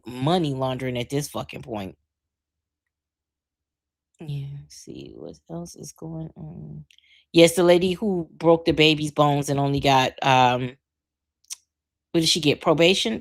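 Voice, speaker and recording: A blunt, outspoken woman in her forties hosts a live podcast and talks straight to her viewers. Her voice sits a little low, and her delivery is animated and full of profanity. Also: moderate pace. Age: 40s. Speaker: podcast host. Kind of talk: casual live-stream talk, reading viewer comments.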